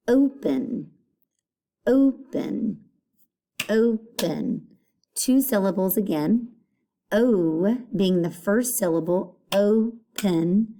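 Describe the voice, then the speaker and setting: In a recorded phonics lesson aimed at young children, a woman elementary school teacher patiently repeats words as she sounds them out. She speaks at a medium pitch with a dark tone.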